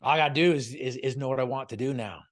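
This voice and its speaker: A man's voice: mid-range voice, fast. A man giving a motivational talk over a video call, telling a story and firing off repeated rhetorical questions. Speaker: motivational speaker guest.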